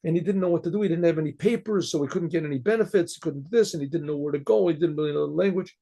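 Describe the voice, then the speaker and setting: Husky, dark-voiced rabbi storyteller; halting delivery, keeps clearing his throat. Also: on the high side. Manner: halting, many restarts and fillers, clears throat often. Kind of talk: casual spoken storytelling.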